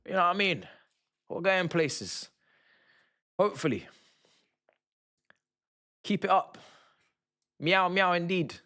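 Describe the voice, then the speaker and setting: Young man, bright sharp voice, streams football watch-alongs, slangy and excitable, shouts at goals. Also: high-pitched, takes it slowly, pauses often. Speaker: fan streamer. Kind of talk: live match watch-along commentary.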